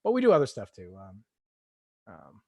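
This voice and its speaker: A man's voice: a little high, wildly swooping pitch, moderate pace, dry recording. A man, a guest author, reading his own fiction aloud and then chatting in a casual, self-deprecating way from his home studio.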